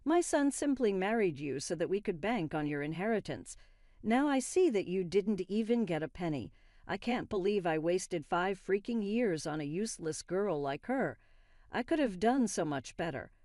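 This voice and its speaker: A woman's voice: lowish voice, big pitch swings, moderate pace, mellow, no room sound, clean studio sound. A woman voicing a scheming, greedy middle-aged mother-in-law with a harsh, contemptuous manner.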